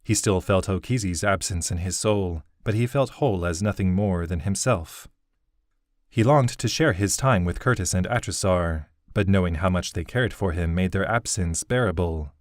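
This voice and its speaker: Deep-voiced man reading a fantasy novel. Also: moderate pace, no room sound, clean studio sound. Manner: even, steady storytelling. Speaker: audiobook narrator. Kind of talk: scripted narration.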